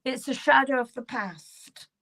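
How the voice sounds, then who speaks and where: A woman's voice: high-pitched, measured pace, fairly bright tone. Earnest woman giving psychic readings. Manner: earnest, repetitive, addresses viewers by name. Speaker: psychic medium.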